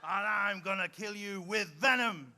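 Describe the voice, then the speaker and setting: A man playing a shouting stage villain. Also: high-pitched, unhurried, full character voice. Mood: menacing. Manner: yelled, laughing line delivery. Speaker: audience volunteer. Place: ship theater show. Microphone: handheld mic.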